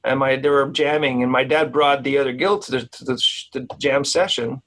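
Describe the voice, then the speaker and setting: A man's voice: mid-range voice, brisk, fairly bright tone, slight background noise, rough recording. A man with a Quebec French accent, a guitarist guest on a video call interview, telling a story in a rambling way with many restarts. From Quebec, Canada.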